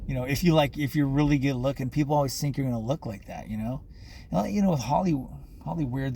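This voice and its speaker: A man's voice: medium pitch, warm tone, a little hiss or hum. A man talking to camera in a rambling personal monologue, full of fillers and restarts, swearing often.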